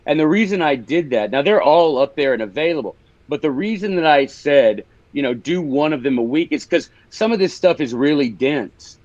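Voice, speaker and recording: A man's voice: a little high, animated, normal speed, hardly any pauses, darkish tone, dry recording. Memphis guy chatting on a podcast, explains stuff like a teacher, kinda dull lo-fi dry sound. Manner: explaining and teaching, with laughs and restarts. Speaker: author and guest. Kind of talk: casual interview chat.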